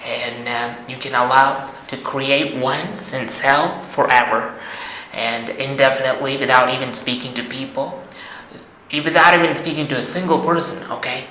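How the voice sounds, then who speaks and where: A man's voice: medium pitch, steady tone, normal speed, bright, forceful tone. A man giving a repetitive, emphatic, lecturing monologue to the camera as an online money coach. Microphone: camera mic. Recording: echoey room, faint noise.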